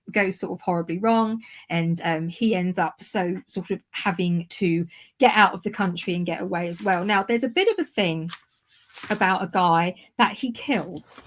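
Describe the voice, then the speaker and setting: A woman co-hosting a history livestream, telling the story in a loose, rambling way, correcting herself and laughing at her own slips. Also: on the low side. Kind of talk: casual chat.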